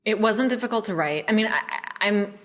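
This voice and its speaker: Fairly quick and animated, this woman has a mid-range voice with a fairly bright tone. As a memoir author appearing on a podcast, she talks through a casual interview in a chatty, self-deprecating way, with plenty of fillers.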